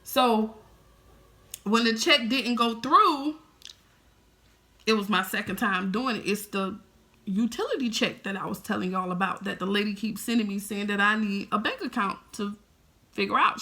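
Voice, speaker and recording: A woman in her thirties telling a story straight to her viewers, animated and heavy on profanity. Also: medium pitch. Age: 30s. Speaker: vlogger.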